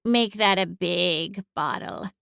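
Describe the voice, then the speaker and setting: A woman's voice: fairly low pitch, slow pace, gravelly, a bit bright, clear, resonant tone, dry recording, studio quality, heavily acted. A woman voicing a smug, sassy female cat familiar in an audiobook, with a drawling, sing-song, condescending delivery. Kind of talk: audiobook character voice.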